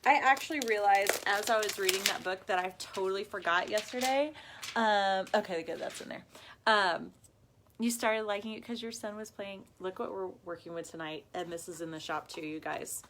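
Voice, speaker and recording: A woman's voice: mid-range voice, moderate pace, a bit bright, slight background noise. A woman hosts a live crafting video and chats with viewers as if they were friends. She is bubbly and talkative and laughs often. She reacts to comments as they come in. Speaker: host of a live craft and ribbon shop video. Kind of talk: chatty livestream talk to viewers.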